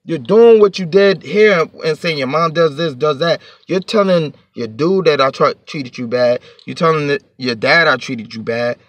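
A man's voice: a little high, normal speed, hardly any pauses, a bit bright, no echo. A man telling a storytime to his vlog audience in a heated, profane, rambling rant, sitting a bit back from the mic.

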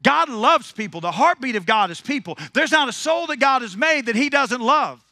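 A man preaching a sermon as pastor, animated and joking, swinging from loud declarations into quiet asides. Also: extremely high pitch, normal speed, no echo, studio quality. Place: church sanctuary.

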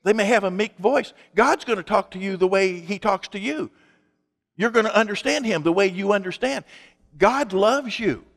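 A man's voice: sits high, moderate pace, fairly bright tone, big-room sound. A male pastor preaching a sermon in an emphatic, conversational way, asking his congregation rhetorical questions.

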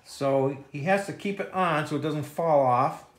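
A man's voice: fairly high pitch, a little slow. A man leading a kids' step-by-step drawing lesson, playful and jokey, with silly sound effects. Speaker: children's drawing instructor.

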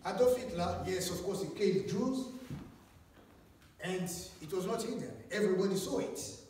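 A high-voiced man preaching in a big, echoing church hall, heard from some way off the mic. He talks with animated swings, rising loud and then dropping to hushed lines. The long reverb hangs behind every phrase. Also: normal speed, far from the mic, slight background noise. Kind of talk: sermon.

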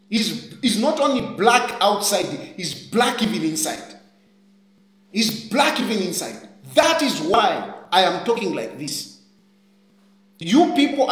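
A man's voice: high voice, a bit bright, echoey room. A Zambian man with a Zambian accent giving a defiant, repetitive political rant, switching between English and a local language. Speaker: political commentator.

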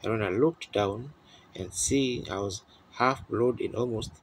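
A man's voice: fairly low pitch, a little slow, a little hiss or hum, low-quality recording. Earnest preacher man telling a vision. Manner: earnest storytelling preacher, rambling with restarts. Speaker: pastor. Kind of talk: sermon. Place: church tabernacle.

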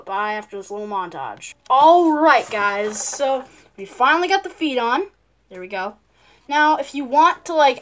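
A woman with a somewhat high, slightly bright voice hosts a casual paper-craft tutorial at home. Her how-to narration is chatty and playful, full of rambling asides.

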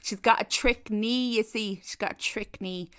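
A woman with an Irish accent, co-hosting a podcast in casual, swear-laden chat and lively storytelling. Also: mid-range voice, normal speed. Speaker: podcast co-host.

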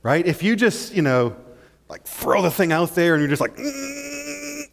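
A male pastor preaching a sermon in an animated way, acting out little scenes and often checking in with "right?". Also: fairly high pitch, normal speed, gravelly. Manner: animated, acts out scenes, keeps asking "right?". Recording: long church-hall reverb.

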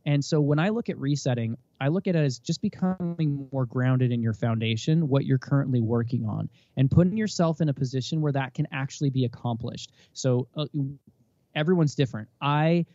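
A man in his thirties, a podcast guest and parent, talking in an emphatic, animated way with preachy bursts, on a dull lo-fi recording. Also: mid-range voice, normal speed, no room sound. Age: 30s. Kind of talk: casual interview talk.

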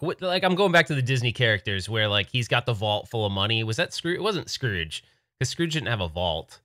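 A man hosting a casual live chat, rambling and excitable, laughing easily. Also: mid-range voice, no echo, clean studio sound. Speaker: livestream host.

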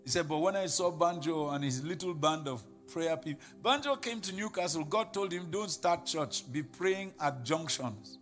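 A Nigerian pastor preaching a sermon, telling stories and quoting people in put-on voices, building to laughing shouts. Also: male voice, fairly high pitch, moderate pace, few pauses, faint music behind.

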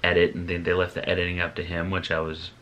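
A man, a father, chatting casually to camera about his family's day, relaxed and rambling with ums and restarts. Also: low-pitched, fast, highs cut off. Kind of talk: casual vlog talk to camera.

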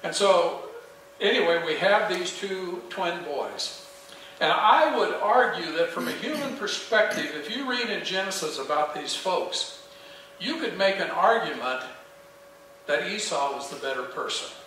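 A man's voice: high-pitched, lively intonation, measured pace, pushed and bright, a little hiss or hum. A man preaching a sermon as pastor, earnest and emphatic, asking the congregation questions. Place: small church sanctuary. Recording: echoey church heard from a distance.

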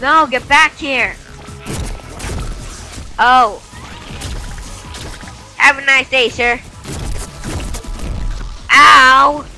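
A young woman giving excited gameplay commentary, yelping and shouting at the game as she plays. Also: sits high, extremely slow, long pauses. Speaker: gamer. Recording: faint game music behind.

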